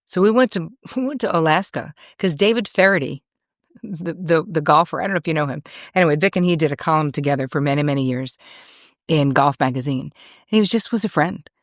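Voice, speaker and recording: Low-voiced chatty woman host. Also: fairly quick, dry recording, studio quality. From United States. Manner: chatty, digressive, self-deprecating. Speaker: podcast host. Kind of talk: casual monologue.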